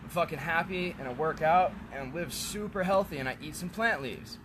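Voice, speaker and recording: A man in a casual, blunt rant to camera, swearing often and turning loud when heated. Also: a little high, moderate pace, background noise. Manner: profane, blunt, frequent swearing. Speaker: vlogger selling kratom.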